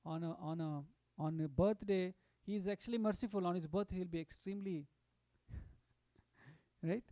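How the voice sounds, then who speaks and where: A man giving a devotional storytelling talk at a satsang, animated and full of fillers and restarts. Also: high voice, normal speed, no echo. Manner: animated, acts out quotes, many fillers and restarts. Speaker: satsang speaker.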